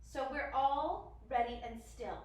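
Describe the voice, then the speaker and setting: Unhurried and a little mellow, with a high voice, a young woman guides children through a yoga class, cheerfully encouraging them and throwing in animal noises. The recording is distant and very echoey.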